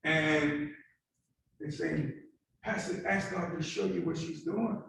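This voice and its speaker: A man's voice: a little high, fairly even intonation, slow pace, creaky, a bit bright. A male pastor preaching a call-and-response sermon, coaxing the congregation to repeat his words after him. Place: church sanctuary. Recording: very echoey church hall from far off.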